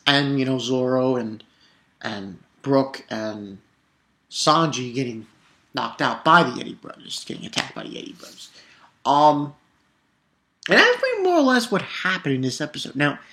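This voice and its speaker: A young man with a mid-range, sharp-toned voice recaps a cartoon episode casually as an anime episode reviewer. He's very animated yet keeps a measured pace, rambling and swearing, with plenty of fillers and restarts.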